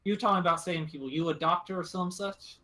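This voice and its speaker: A man's voice: high-pitched, quick pace, sharp tone. A man voicing a suspicious, armed backwoods woman who speaks in a threatening folksy drawl, in a tabletop game. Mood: menacing.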